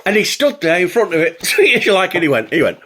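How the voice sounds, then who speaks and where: A man's voice: a little high, big pitch swings, fast talker, a bit bright. An older man, a show host, telling a childhood story and laughing as he goes. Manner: amused, laughs between lines.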